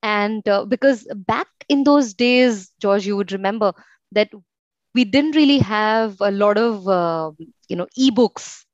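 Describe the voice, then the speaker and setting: A young woman from India speaks as an interview guest and recalls her story in a reflective way, with many pauses and fillers. The recording sounds dry and a little muffled, with no room echo. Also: medium pitch. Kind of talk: casual conversational interview.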